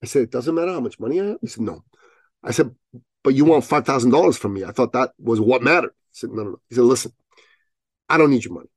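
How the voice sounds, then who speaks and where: A man telling a story as a podcast guest, acting out both sides of the dialogue with rising, loud peaks. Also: medium pitch, lively intonation, quick pace, dry recording, clean studio sound. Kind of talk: animated storytelling in an interview.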